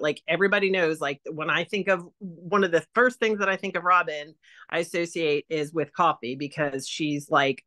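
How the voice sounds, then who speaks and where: A woman's voice: lowish voice, pushed and bright. A woman talking casually as a direct sales consultant, giving sales advice in a chatty way full of "like" and "um". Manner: chatty, heavy use of "like" and "um".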